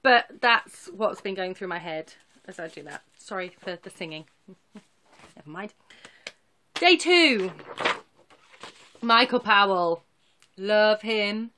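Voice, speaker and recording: A woman's voice: mid-range voice, measured pace, fairly bright tone, a little hiss or hum. Chatty, rambling woman vlogger. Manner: rambling, chatty, self-deprecating. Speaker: cross-stitch vlogger. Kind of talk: casual chatty show-and-tell.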